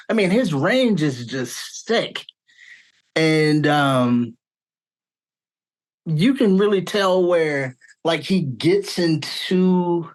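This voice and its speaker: A voice actor guest, a man, answering earnestly and searching for his words in a casual chat. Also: a little high.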